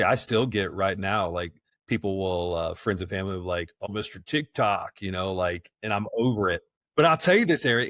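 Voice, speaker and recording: Folksy, lower-voiced man guest. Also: fairly bright tone, no room sound, studio quality. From South Georgia, US. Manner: folksy, enthusiastic, laughs often, repeats words. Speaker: guest, event rental business owner. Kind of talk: casual podcast interview.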